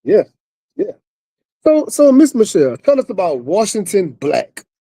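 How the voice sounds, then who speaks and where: A man's voice: high-pitched, very animated, a little slow, mellow, slightly rough, no echo, clean studio sound. A man hosting a podcast, thanking his guest and asking questions in a friendly, eager way. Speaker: podcast host. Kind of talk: casual interview.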